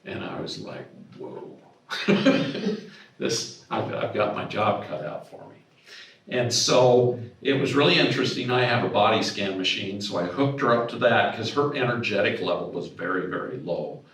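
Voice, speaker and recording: A man's voice: lowish voice, moderate pace. A middle-aged man giving a storytelling talk at a symposium, acting out the voices in his anecdotes with sudden bursts of energy. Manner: animated anecdote-telling, acts out dialogue with raised voice. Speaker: speaker at a symposium. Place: hotel conference room. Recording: echoey hall, voice from far off.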